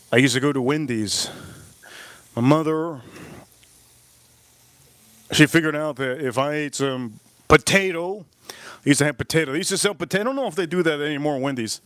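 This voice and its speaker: A man in his forties tends a charcoal grill outdoors while he hosts a live stream. He tells a long, looping story and keeps repeating his lines for effect. His voice sits a bit high for a man and sounds close and dry. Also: moderate pace, pauses often, no echo. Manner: repetitive, animated storyteller who jumps between the tale and the grill. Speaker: live-stream cook and host.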